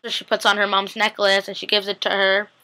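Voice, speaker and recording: Girl gushing about a tv episode, bright voice, rambly, tons of likes and ums. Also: mid-range voice, brisk. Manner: rambling, excitable, many fillers. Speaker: TV episode recap vlogger. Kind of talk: casual TV recap vlog.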